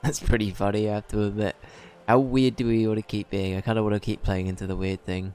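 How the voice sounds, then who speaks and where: Low-voiced, playful male streamer. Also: level tone, fast talker, hardly any pauses, a little mellow, a little hiss or hum. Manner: playful, chatty and goofy. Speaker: streamer playing a video game. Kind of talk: casual let's-play commentary.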